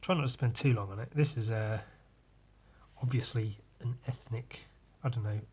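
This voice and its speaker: A man's voice: mid-range voice, moderate pace, darkish tone, husky. A man hosting a solo podcast, tipsy from drinking and rambling loosely, often trailing off and restarting. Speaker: podcast host. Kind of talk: rambling casual monologue.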